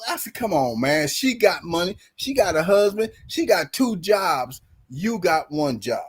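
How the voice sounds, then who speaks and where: A man with a notably high speaking voice tells a story in casual podcast chat. He acts out each quoted line as he goes and breaks into laughter along the way. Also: very animated, a little slow, breathy edge. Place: podcast studio.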